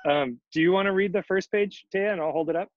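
Brief: chatty male co-host, fairly high voice, dry and slightly dull recording. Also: fast, no room sound. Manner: easygoing, chatty. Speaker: co-host reading to children. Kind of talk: storybook read-aloud and chat.

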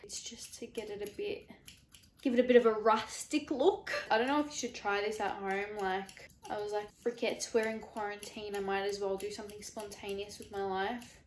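A woman's voice: mid-range voice, fairly even intonation, moderate pace, reverberant, a little hiss or hum. A young woman, vlogging casually at home, nervous and swearing as she talks. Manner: anxious, exclaiming, swearing. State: sweating, nervous. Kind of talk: casual vlog talk. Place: at home, in a room.

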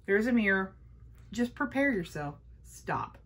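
A woman vlogger chatting casually through a makeup haul, gushing and playful, sometimes dropping to a hush. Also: lowish voice, unhurried. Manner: gushing, playful, talks to her palettes.

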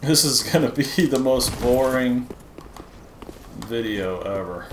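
A man's voice: medium pitch, slow pace. A man hosting a gaming channel, chatting casually and poking fun at himself to viewers as he plays. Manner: self-deprecating, chatty, talking to viewers. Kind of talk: casual gameplay commentary. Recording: echoey room with noise.

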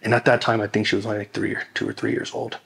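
A man recounts his personal testimony in an interview, his voice sitting a little low. He speaks earnestly and with emotion, circling back on himself with fillers and restarts as he talks. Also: flat delivery, very fast, gravelly, fairly bright tone. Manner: rambling, full of fillers and restarts.

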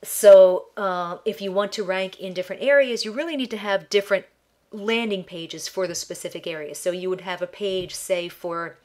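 A woman's voice: mid-range voice, moderate pace, a little mellow. A woman web designer with a nasal, allergy-congested voice, casually talking through a website review and often restarting words. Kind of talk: screen-share website review.

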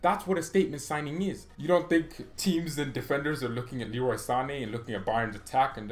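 A young man hosting a football fan vlog, animated and opinionated, laughing often and acting out players. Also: medium pitch, brisk, hardly any pauses, soft background music. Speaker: football fan channel host.

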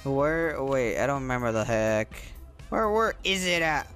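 A young man hosting his own gaming channel, giving excitable, casual commentary over his gameplay, often repeating his exclamations. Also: medium pitch, a little slow, soft background music.

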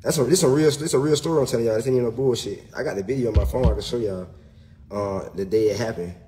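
A man talking straight to his viewers in a loose livestream rant. He swears freely and hammers his points home, ending line after line with "bro." His voice sits at an everyday middle pitch. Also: fast talker, warm tone. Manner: profane, emphatic, keeps saying bro.

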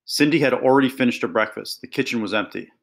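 A man reading a children's story aloud with calm, steady narration. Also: medium pitch, fast, creaky. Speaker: reader.

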